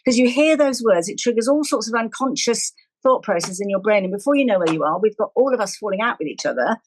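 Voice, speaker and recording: A woman co-hosting a podcast, talking in a lively, opinionated way that tips into a rant. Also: medium pitch, fast talker, slight background noise, rough recording. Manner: animated, opinionated, ranting at times. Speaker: podcast co-host. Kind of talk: casual chat.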